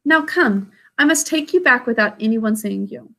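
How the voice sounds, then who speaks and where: A woman reading aloud, voicing a calm, ancient and wise great-grandmother who reassures a child. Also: a little high, normal speed. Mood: tender. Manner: tender, reassuring.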